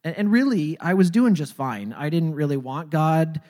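A speaker recounts a personal faith testimony in a halting, conversational way, often doubling words before pressing on. The voice sits at an ordinary middle pitch. It rings with a long, hall-like reverb. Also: darkish tone. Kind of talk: personal storytelling.

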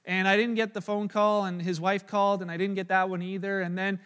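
A man's voice: high-pitched, level tone, a little fast, fairly bright tone, smooth, in a large hall. A man preaching as a pastor, earnestly retelling a hospital conversation, with frequent fillers and restarts. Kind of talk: sermon storytelling.

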